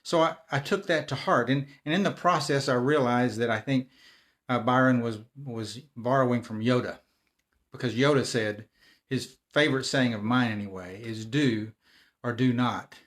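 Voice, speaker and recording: A middle-aged man speaks to his viewers in an easygoing, conversational way. His voice sits at an ordinary middle pitch, and he often restarts and repeats words as he goes along. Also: moderate pace, fairly bright tone. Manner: conversational, frequent restarts and repetitions. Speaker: live video host. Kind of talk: casual talk to camera.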